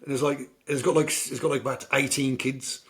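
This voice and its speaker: A man's voice: mid-range voice, little pitch movement, a little fast, fairly bright tone. Chatty British man rambling about films. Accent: British English. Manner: rambling, chatty storytelling with many fillers. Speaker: podcast host. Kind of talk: casual film chat.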